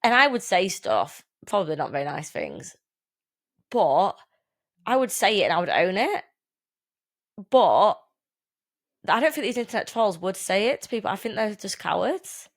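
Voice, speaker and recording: A woman, co-hosting a casual podcast chat, blunt and sweary and quick to laugh. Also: medium pitch, big pitch swings. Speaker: podcast co-host.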